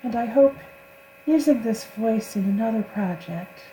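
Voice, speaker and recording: A woman's voice: a little high, expressive, measured pace, dark tone, a little hiss or hum, poor audio. A woman voice actor talking casually to the camera, chatty and self-deprecating.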